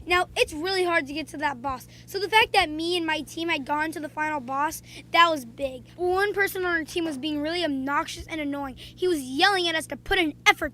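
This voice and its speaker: High bright chatty woman vlogger. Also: a little fast, hardly any pauses, a little hiss or hum. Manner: chatty, playful, with frequent "um"s. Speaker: video creator. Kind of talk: casual vlog storytelling.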